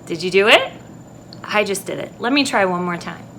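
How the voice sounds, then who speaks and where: A woman music teacher speaks to young children in a video lesson, slow and clear, at a medium pitch. She is alone in an empty classroom and a faint background hum is heard behind her. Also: lively intonation, sharp tone.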